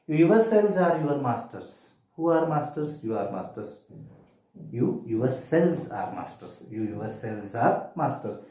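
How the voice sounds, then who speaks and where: Echoey teacher, lively. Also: male voice, medium pitch. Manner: asks questions and answers them himself. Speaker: English teacher. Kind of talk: grammar lesson. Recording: very echoey room.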